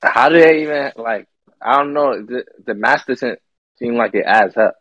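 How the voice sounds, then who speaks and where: A man's voice: mid-range voice, moderate pace, fairly bright tone. A man joining a casual podcast chat, hesitant and repeating his words. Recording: dull lo-fi sound.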